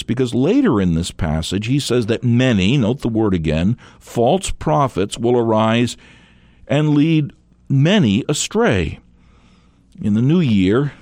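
A man delivers a radio sermon in a lowish voice that rises and falls a great deal. He speaks earnestly and emphatically, pressing on the words that matter. The sound is dry and close, with no room around it. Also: darkish tone, no room sound. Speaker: radio Bible teacher.

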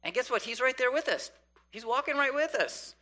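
A man preaching a sermon in an animated way, often acting out the voices of people praying. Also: very high voice, a little fast.

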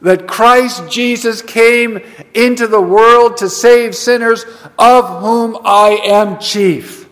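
Emphatic high-voiced male preacher in a reverberant church. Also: fairly even intonation, slow, fairly bright tone. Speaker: pastor. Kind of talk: sermon. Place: church sanctuary.

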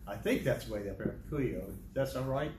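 An older American man, a missionary, gives a rambling, humorous testimony in a large church hall, speaking in a mid-range voice at normal speed with many restarts and chuckles. The recording is echoey, with a distant mic and ambient noise.

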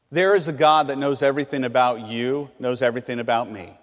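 A man from California preaching a sermon, swinging between loud emphatic bursts and hushed, low phrases. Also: animated, fairly quick, big-room sound. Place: large hall on a college campus.

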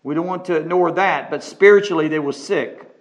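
Male pastor, high voice, emphatic sermon delivery with call-and-response amens. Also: fairly quick. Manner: emphatic, calls for amens, repeats phrases. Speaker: preacher.

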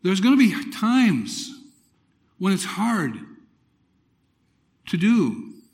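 A middle-aged man preaching a personal testimony, telling it dramatically with loud exclamations and hushed, near-whispered moments. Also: sits high, sing-song, very slow. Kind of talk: sermon testimony.

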